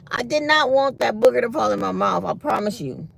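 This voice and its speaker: Gravelly-voiced woman with sore mouth. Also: a little high, a bit bright, slight background noise. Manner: chatty storytelling, speaks her mind. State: sore mouth after dental work. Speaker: vlogger. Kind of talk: casual chat to viewers.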